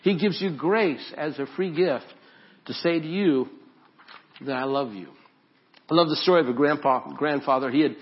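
A man preaching a sermon and leading prayer as a pastor, earnest and repeating his phrases, dropping to a hush when he prays. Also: a little high, normal speed, pauses often, dull audio. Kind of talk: sermon and altar-call prayer. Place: church sanctuary.

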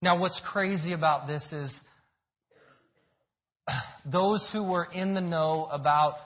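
A man's voice: fairly high pitch, slow pace. A man preaching a sermon, earnest and emphatic, often repeating his words and phrases. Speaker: pastor. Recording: dull, lo-fi recording.

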